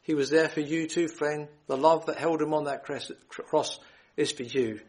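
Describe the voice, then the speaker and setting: Earnest male preacher, slightly high voice. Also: fairly even intonation, moderate pace, darkish tone, rough recording. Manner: earnest, pleading, quotes scripture in old phrasing; often clears throat, repeats and restarts phrases. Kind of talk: gospel sermon.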